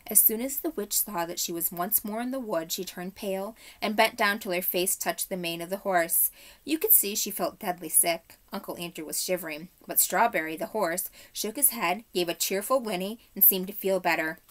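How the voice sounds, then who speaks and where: A woman's voice: mid-range voice, normal speed, a bit bright. Woman teacher reading a story aloud.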